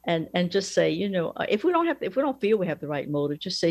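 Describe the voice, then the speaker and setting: A woman, a mother superior, giving a gentle and earnest devotional teaching with small fillers. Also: on the low side, big pitch swings, fast talker, few pauses, dry recording.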